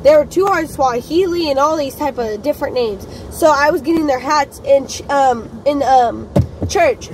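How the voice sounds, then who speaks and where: A woman's voice: high voice, normal speed. A young woman telling a story in a casual vlog, giggling and chatty, outdoors near traffic. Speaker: vlogger.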